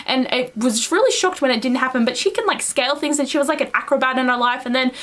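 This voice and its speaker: A young woman reviewing a book in a casual, gushing and rambling way, full of fillers and excited outbursts. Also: high voice, fast talker. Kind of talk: casual chat.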